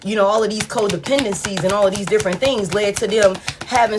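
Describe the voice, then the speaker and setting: A woman, giving a collective tarot reading in a blunt, profane, animated way. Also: mid-range voice, quick pace, hardly any pauses, background noise. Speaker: tarot reader.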